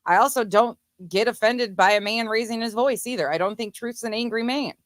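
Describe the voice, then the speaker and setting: A woman's voice: on the high side, fairly quick, no room sound. Blunt sarcastic woman commentator. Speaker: commentary streamer. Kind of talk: casual commentary.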